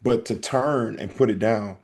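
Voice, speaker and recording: A man hosting a casual podcast, telling a story in an animated way and acting out the back-and-forth. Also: fairly low pitch, unhurried. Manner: animated storytelling, acts out exchanges. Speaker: podcast host.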